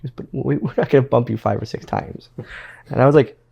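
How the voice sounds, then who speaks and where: Male guest, gravelly, middle pitch, rambling anecdotal storyteller who repeats himself. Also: fast talker, darkish tone, lo-fi sound. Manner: rambling, repeats words, quotes others in his stories. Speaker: interview guest, former pro wrestler. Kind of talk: casual storytelling interview.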